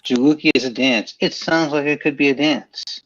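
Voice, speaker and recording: Halting, jokey male judge. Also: a little high, fairly bright tone, dull audio. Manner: halting, filler-heavy, joking. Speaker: game show judge. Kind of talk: casual scoring banter.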